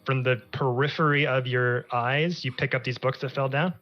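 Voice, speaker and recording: A man's voice: mid-range voice, fairly even intonation, normal speed, muffled recording, soft background music. A man narrating as game master in a casual, descriptive way.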